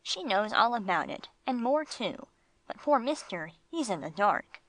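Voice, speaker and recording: A woman voicing a gruff, streetwise male bulldog with slangy tough-guy talk, read for an audiobook. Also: fairly high pitch, very animated, unhurried, a bit bright, poor audio. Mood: blunt.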